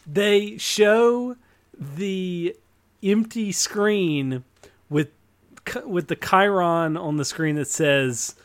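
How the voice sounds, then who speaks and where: A man's voice: sits high, very slow. A man co-hosting a podcast, chatting casually about movies in a laid-back way with short replies. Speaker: podcast co-host.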